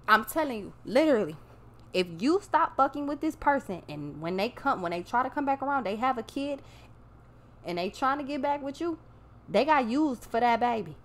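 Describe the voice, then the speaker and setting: A woman's voice: fairly high pitch, expressive, moderate pace. A woman giving a casual tarot reading, talking bluntly and emphatically with plenty of swearing. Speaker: tarot reader.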